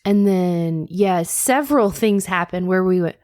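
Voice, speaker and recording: A woman co-hosting a podcast in casual chat, playful and quick to laugh. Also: on the low side, a little mellow, dry recording. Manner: playful, laughs often, acts out quoted voices. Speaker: podcast co-host.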